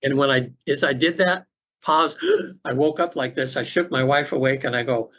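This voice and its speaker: A middle-aged man appearing as a podcast guest, an afterlife facilitator, tells a personal story over a remote call. He speaks earnestly but haltingly, restarting often, in a medium-pitched, slightly bright voice.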